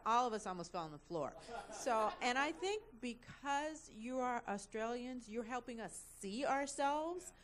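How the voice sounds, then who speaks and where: A woman in a workshop giving a presenter praising feedback, pausing to find her words. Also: medium pitch, fairly bright tone. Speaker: workshop participant. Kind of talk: spoken feedback.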